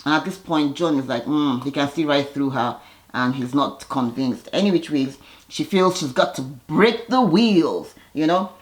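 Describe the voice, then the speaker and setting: A woman recaps a TV episode in a relaxed, conversational way. She is animated and chatty, with restarts and fillers. Now and then she briefly mimics the characters' lines. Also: deep voice. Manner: animated, slips into quick impressions of characters. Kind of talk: casual retelling of a TV episode.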